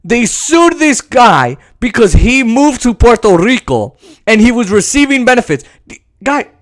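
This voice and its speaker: A man hosting a podcast, delivering sarcastic, profane political rant commentary. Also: high-pitched. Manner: sarcastic, profane, animated ranting. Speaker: podcast host.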